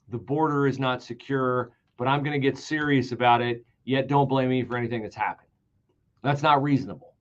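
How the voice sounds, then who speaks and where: A male commentator with a very lively, swooping pitch who drives his points home with repetition and sarcasm. He jumps from loud outbursts to hushed, mocking asides. The stream audio sounds a little dull. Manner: emphatic, sarcastic, repeats key words for stress; swings between loud outbursts and mocking whispers. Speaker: political commentary host. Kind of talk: solo political commentary stream.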